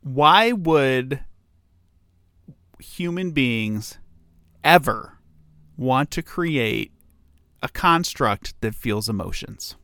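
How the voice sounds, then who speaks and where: A man co-hosting a casual film podcast, asking questions in an animated way with many fillers. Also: medium pitch, very slow, long pauses, dry recording, studio quality. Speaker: podcast co-host.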